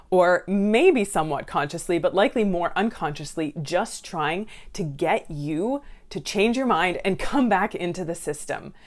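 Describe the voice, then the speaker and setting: Low-voiced woman counsellor giving advice. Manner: conversational and direct, asks viewers questions; acts out what family members say. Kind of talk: advice video to viewers.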